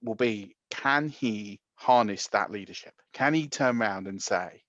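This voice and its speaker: A fairly low-voiced man co-hosts a casual sports podcast. He tells stories animatedly, sometimes rushing. The sound is dry and a little muffled, with no room echo. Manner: animated storytelling, quick runs of speech. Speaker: podcast co-host.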